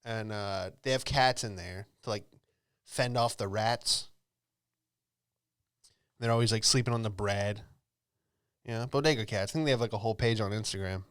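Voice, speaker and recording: A man's voice: on the low side, normal speed, long pauses, clear, resonant tone, no echo, clean studio sound. A young man, a comedian, riffing casually through a solo comedy monologue in a rambling, offhand way, with lots of fillers. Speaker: comedian and podcast host.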